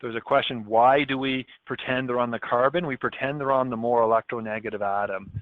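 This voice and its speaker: The recording, with no room sound, is dry and tinny in a phone-like way. In it, a Canadian chemistry teacher with a mid-range voice gives a step-by-step lesson and keeps checking in with "okay?".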